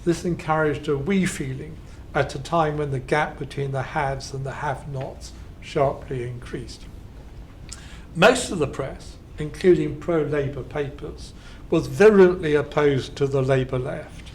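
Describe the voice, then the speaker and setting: A man's voice: on the high side, slight background noise. Man giving a scripted keynote lecture. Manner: reads quoted headlines slowly and with emphasis, dry asides. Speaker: keynote speaker. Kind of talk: academic lecture read from a script. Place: conference lecture hall.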